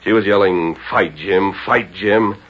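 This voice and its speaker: A steady, commanding western hero in a vintage radio play. His voice is very deep and husky, and his measured talk comes through a dull, lo-fi broadcast sound. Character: calm, commanding masked Texas lawman hero. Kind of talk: 1930s radio drama acting.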